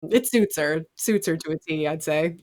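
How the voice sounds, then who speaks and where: Woman hosting a podcast, lowish voice, conversational, throws in dry jokes between her questions. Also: normal speed, a little mellow. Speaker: podcast host. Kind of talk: podcast interview.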